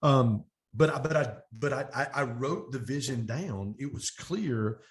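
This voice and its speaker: A middle-aged man, a business coach and guest on an interview show, telling stories with energy and acting out the quoted talk of others. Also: mid-range voice. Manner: energetic, fast storytelling with animated quoted dialogue. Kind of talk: storytelling interview.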